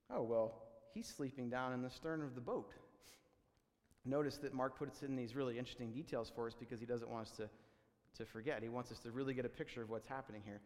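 A man preaching a sermon in a loose, conversational way, with many fillers and restarts, sometimes building to excited exclamations. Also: medium pitch, quick pace, big-room sound. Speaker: pastor.

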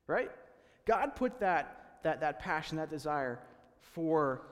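A man's voice: a little high, sing-song, slow, big-room sound. A man preaching a sermon as a pastor, conversational and full of restarts, acting out the people he quotes.

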